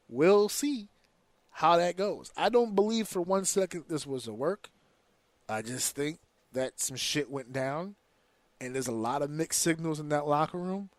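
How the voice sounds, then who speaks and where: The podcast host's wrestling talk here is expressive and moderately paced, his voice sitting on the high side with no room sound. He's ranting heatedly and profanely, dropping into slang and doing impressions of other voices.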